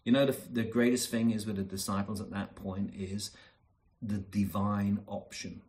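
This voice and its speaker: A man's voice: fairly low pitch, level tone, moderate pace. Earnest man preaching a sermon. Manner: earnest, emphatic repetition with soft asides.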